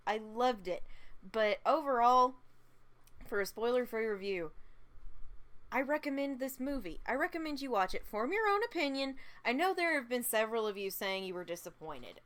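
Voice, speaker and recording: A woman's voice: fairly high pitch, a bit bright. A tired woman vlogging a casual film review, gushing, laughing often and repeating herself.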